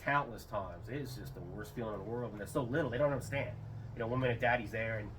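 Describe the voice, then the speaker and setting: A man's voice: on the low side, quick pace, recorded from a distance. Middle-aged man, rambling storyteller, slightly off-mic, faint room hum. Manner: rambling, animated quoting with raised voice. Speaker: interview guest, retired Air Force. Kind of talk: casual storytelling.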